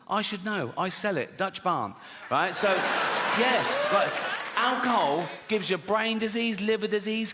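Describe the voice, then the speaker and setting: A middle-aged man doing a stand-up comedy set, laughing at his own jokes and acting out voices. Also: high voice. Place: large live venue before an audience. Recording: live hall reverb, faint crowd noise.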